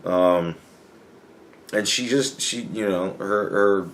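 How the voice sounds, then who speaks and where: A man's voice: low-pitched, takes it slowly. Podcast host, male, casual and profane, stammers and restarts, plays out imagined conversations. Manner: acts out imagined dialogue. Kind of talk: casual solo commentary.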